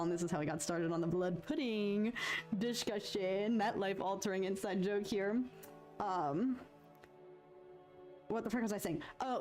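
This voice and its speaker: A young woman with a light Detroit accent rambles through stories on a casual live stream, giggling often as she draws. Her pitch sits in the middle, and soft music plays quietly behind her. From United States. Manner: chatty, giggly, rambling storyteller. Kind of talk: casual chat while drawing.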